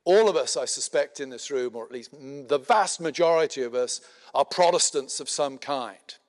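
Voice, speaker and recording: A middle-aged man giving a conference lecture in a measured, explanatory way, with frequent filler words and dry asides. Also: medium pitch. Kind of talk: spoken lecture. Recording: long hall reverb.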